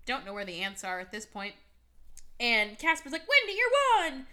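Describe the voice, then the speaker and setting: A young woman hosting a podcast, casually recapping a movie with sarcasm, lots of fillers and quick quoted voices. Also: medium pitch, lively intonation, sharp tone. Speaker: podcast host.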